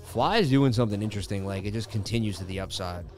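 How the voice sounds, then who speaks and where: Give me a man with a lowish voice casually hosting a live market stream, chatty and joking. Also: fast, faint music behind. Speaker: crypto chart analysis livestream host.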